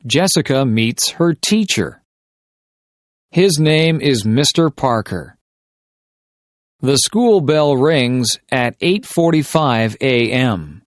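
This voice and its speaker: A man reading simple short stories slowly and deliberately for English shadowing practice. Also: mid-range voice, lively intonation, no echo, clean studio sound. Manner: deliberate, carefully paced reading of short sentences. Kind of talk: slow scripted story reading for shadowing practice.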